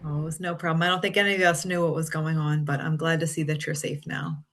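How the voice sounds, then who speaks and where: A player in a tabletop game speaking in a gentle, modest, reassuring way. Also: mid-range voice, level tone, quick pace. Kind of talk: tabletop game role-play.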